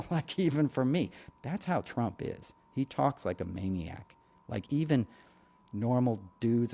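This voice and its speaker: In a casual political monologue to regular listeners, a male podcast host speaks in a fairly low, mellow voice. He's blunt and heated, loose and conversational, rambling through asides and filling gaps with "you know."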